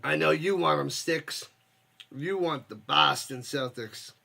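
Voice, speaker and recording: A man's voice: a little high, slow, vocal fry, bright, forceful tone. A man hosting a live watch party stream, chatting with viewers and calling plays in a loose, joking way. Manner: loose, jokey, reads chat, bursts up for plays. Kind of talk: casual play-by-play with chat.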